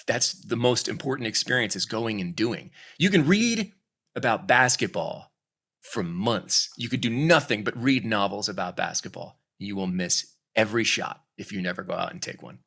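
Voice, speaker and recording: A voice actor chatting casually in an interview, lively and acting out quoted lines as he coaches. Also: lowish voice, moderate pace, gravelly, husky. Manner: animated, acts out quoted voices. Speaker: voice actor guest.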